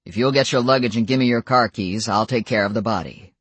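An audiobook narrator voicing a reserved werewolf man who speaks in flat, measured, formal tones. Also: mid-range voice, slightly rough, no room sound, pitched below the performer's own voice, natural voice. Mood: grave. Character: calm, stern male werewolf elder, few words.

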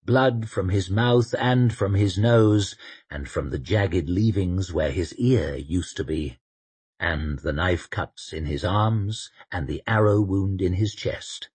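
A man narrating an action story in a steady, dramatic storytelling manner. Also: sits low, takes it slowly, slightly rough. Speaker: audiobook narrator. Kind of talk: scripted narration.

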